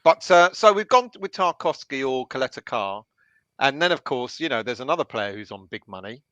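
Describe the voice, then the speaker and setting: A man's voice: mid-range voice, very animated, fairly bright tone, dry recording, lo-fi sound. A man hosting a live online football chat, putting questions to his panel over a video call. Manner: leads the panel with questions, quick asides. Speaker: host.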